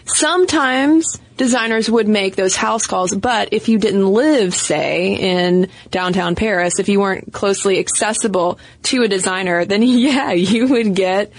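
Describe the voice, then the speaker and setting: A woman's voice: medium pitch, measured pace, hardly any pauses, no room sound. A woman co-hosting a podcast in casual chat, chatty and playful, often laughing through her asides. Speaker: podcast co-host.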